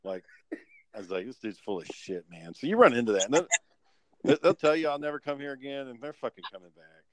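A man's voice: medium pitch, sing-song, fairly quick, noisy background. A man in casual chat, telling sardonic, profane stories about bad managers and rude customers, acting out their lines.

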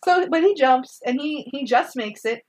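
A woman in casual chat recapping a movie, animated, laughing often and acting out characters' lines. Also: high-pitched, moderate pace, slightly rough, poor audio. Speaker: podcast co-host recapping a film.

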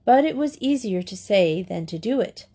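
A woman's voice: medium pitch, animated, moderate pace, mellow, husky. Woman reading a children's story. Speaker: audiobook reader. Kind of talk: storybook narration.

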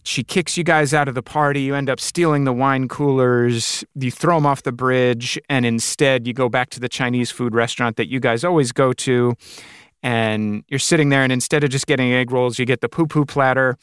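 A man's voice: medium pitch, fairly even intonation, moderate pace, fairly bright tone, clean tone, no room sound, clean studio sound. A man hosting an interview, asking thoughtful questions and retelling his guest's stories. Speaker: interviewer host. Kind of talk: casual interview.

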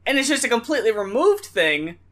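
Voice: mid-range voice, big pitch swings, a little fast, fairly bright tone. A co-host in a casual music review chat, sounding puzzled and asking questions as they think aloud.

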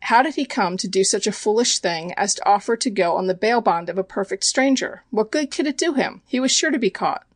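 A woman reading as a wry male lawyer, probing and a little dry-humored. The voice stays at a middle pitch, recorded close with no room sound. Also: animated, brisk, few pauses, no echo, lightly acted.

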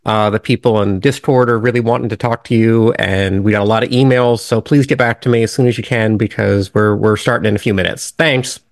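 A man's voice: on the low side, steady tone, a little fast, hardly any pauses, no echo, clean studio sound. A man co-hosting a casual podcast, speaking hesitantly with many restarts and fillers. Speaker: podcast co-host.

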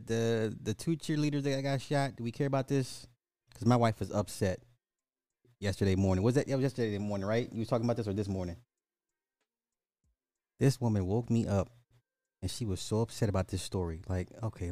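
A man's voice: fairly low pitch, dark tone, no echo. A man hosting a podcast, reading news stories aloud and adding mocking asides in a casual way. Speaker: podcast host. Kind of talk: casual social commentary.

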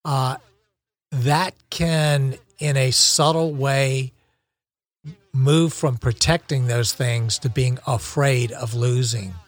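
A man's voice: medium pitch, fairly even intonation, takes it slowly, dry recording. Reflective male podcast co-host. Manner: reflective, encouraging, with frequent restarts. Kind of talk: casual podcast chat.

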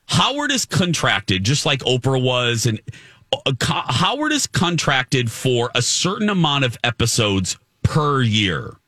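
A man's voice: medium pitch, very animated, unhurried, bright, forceful tone, no echo, studio quality. A man hosting a talk radio show, chatting casually and rambling with restarts, and reading ads. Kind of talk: casual chat and read ads.

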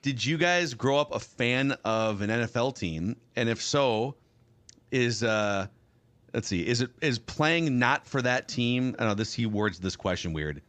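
Bright-voiced host reading listener questions. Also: male voice, medium pitch, animated. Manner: reads listener questions, quick laughing reactions. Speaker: podcast host, sports reporter. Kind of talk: casual chat.

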